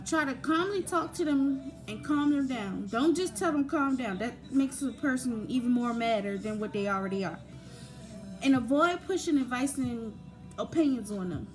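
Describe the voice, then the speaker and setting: A woman's voice: sits high, lively intonation, normal speed. A young woman giving informal, conversational advice about grief, with frequent fillers. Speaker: grief talk presenter. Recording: faint background music.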